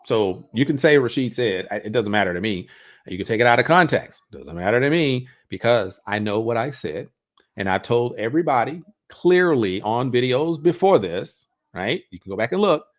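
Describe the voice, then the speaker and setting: Lively, animated man talking to his viewers. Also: medium pitch, normal speed. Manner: animated, repeats words, rhetorical questions. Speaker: coach hosting a livestream on passive income. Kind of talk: casual livestream talk.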